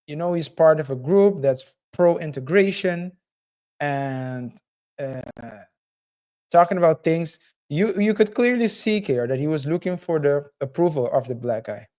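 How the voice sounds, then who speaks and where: Slow, halting male podcast co-host. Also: on the high side, dark tone. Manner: slow, halting, hedging with fillers. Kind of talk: casual podcast chat.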